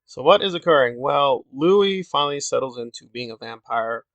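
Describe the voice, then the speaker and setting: A man's voice: medium pitch, animated, moderate pace, a bit bright, no room sound, lo-fi sound. A man giving a casual, opinionated review monologue, critical and exasperated, with sarcastic asides. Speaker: video reviewer.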